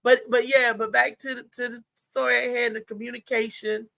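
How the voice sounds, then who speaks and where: A woman from Maryland hosting a live show, telling a story in a chatty, animated way and talking straight to her listeners. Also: on the high side, a little fast, gravelly, no echo. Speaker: show host.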